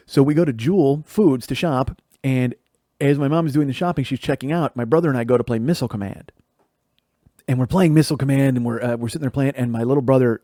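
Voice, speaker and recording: A man's voice: medium pitch, warm tone, no echo, clean studio sound. A middle-aged man from the Chicago area, hosting a podcast and telling profane stories about his childhood, laughing as he goes. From Chicago area, USA. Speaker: podcast host. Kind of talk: storytelling monologue.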